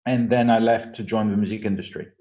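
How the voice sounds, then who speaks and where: A middle-aged man from the south of France with a French accent, a guest telling his career story in a relaxed, self-deprecating way. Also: lowish voice, quick pace. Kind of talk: casual interview. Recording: dull lo-fi sound.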